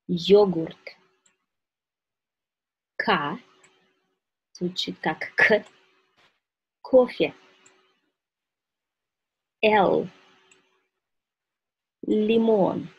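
A woman's voice: fairly low pitch, steady tone, drawn-out words, gravelly, pauses often, breathy edge, highs cut off. A woman with a Russian accent teaching the alphabet, patiently saying each letter and example word and repeating them. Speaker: language teacher. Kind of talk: alphabet lesson with spoken examples.

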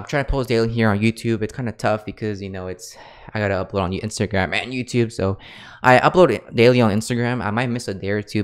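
Dude ranting about his team to camera, kinda out of breath, smooth clear voice, keeps saying guys. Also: fairly low pitch. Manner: emphatic, fired-up, says "guys" and "okay?" a lot. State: a bit out of breath. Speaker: sports fan vlogger. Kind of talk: casual fan commentary to camera.

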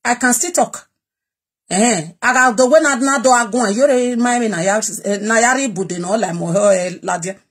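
A woman's voice: a little high, a little fast, few pauses, husky. Defiant Nigerian woman from Edo. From Edo State, Nigeria. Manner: switches between Pidgin and Edo dialect, challenging and defiant. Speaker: vlogger. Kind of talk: direct-to-camera live video rant.

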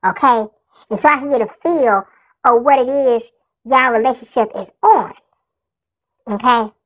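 High-voiced lady giving blunt no-nonsense commentary, just talking casual. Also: a little slow, a bit bright, rough recording. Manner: blunt, plain-spoken, laughs freely. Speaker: commentator reacting to a radio clip.

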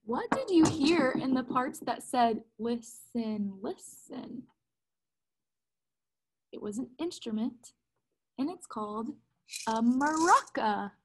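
A woman, a kindergarten music teacher, gently and patiently talking small children through a recorded music lesson in simple words. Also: high-pitched, animated, slow, pauses often, slight background noise, low-quality recording.

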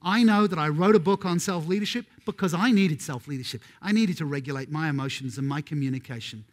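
A middle-aged man delivers a keynote in a conference hall, and his voice sits fairly high for a man. He tells stories with energy and keeps putting questions to the crowd. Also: fast talker. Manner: storytelling, addresses the audience with questions. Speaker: keynote speaker.

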